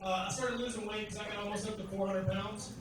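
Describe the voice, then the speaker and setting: A stand-up comic with a fairly high voice works the room on a club stage, crude and brash. He is from Tennessee and throws quick asides to the crowd. The sound comes from far off in an echoey club, with steady noise underneath. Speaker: stand-up comedian. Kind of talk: stand-up comedy set.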